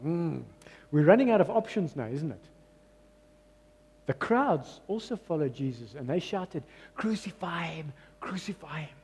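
Male pastor, high husky voice, emphatic and repetitive sermon delivery, reverberant church. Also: very animated, a little slow, long pauses, warm tone. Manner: emphatic, repeats phrases, mixes in Afrikaans.

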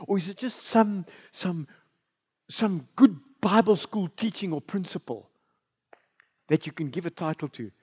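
South african pastor guy preaching in church, high lively voice, keeps asking the room questions. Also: husky. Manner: animated, engaging the congregation with questions. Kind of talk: bilingual sermon.

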